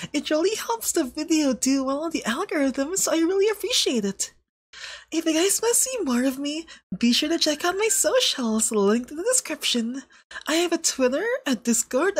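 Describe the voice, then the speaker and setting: Woman, ASMR creator, casual outro chat, bubbly, high-pitched, lively. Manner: bubbly, rapid-fire sign-off.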